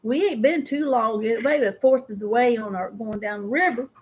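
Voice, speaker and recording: High-voiced animated woman. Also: normal speed. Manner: animated storyteller who acts out voices. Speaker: host. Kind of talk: casual live-stream storytelling.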